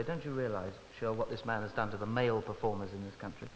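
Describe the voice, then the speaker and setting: An entertainer doing comic stage banter with a cheeky, mock-earnest patter. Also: male voice, lowish voice, steady tone, fast, hardly any pauses, slight background noise. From Britain. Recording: lo-fi recording, long reverb, music behind.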